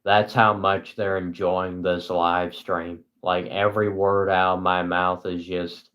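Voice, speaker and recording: A young man rambles to his live chat in a dry, self-deprecating monotone. His pace is slow, and his voice sits a little low. He sounds like a small-time streamer on a casual broadcast.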